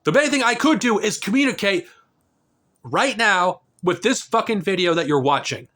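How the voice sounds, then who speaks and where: A man's voice: high voice, animated, normal speed, pushed and bright. A man in his thirties delivering an angry, profane political rant to a camera, talking heatedly and restarting his sentences often. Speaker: political vlogger. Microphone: camera mic.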